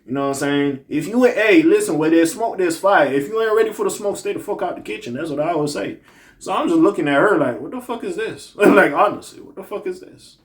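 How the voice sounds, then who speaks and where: A man's voice: fairly high pitch, fast talker. Blunt man ranting in casual commentary. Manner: blunt, profane, animated ranting with swings in loudness. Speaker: commentary channel host.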